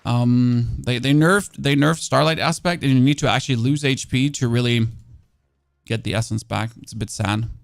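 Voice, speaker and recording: A man's voice: medium pitch, normal speed, vocal fry, dry recording. German-accented man, casual game commentary, mid voice, dry close-miked. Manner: chatty, self-mocking, frequent fillers and restarts. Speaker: streamer. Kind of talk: casual gameplay commentary with chat.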